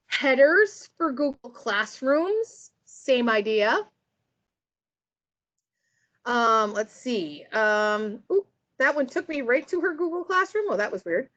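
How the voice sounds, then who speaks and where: In this casual online workshop presentation, a woman who trains teachers speaks in a high, bright-sitting voice, keeping things chatty and upbeat and checking in regularly with her audience. The audio has the dull, lo-fi quality of a web call.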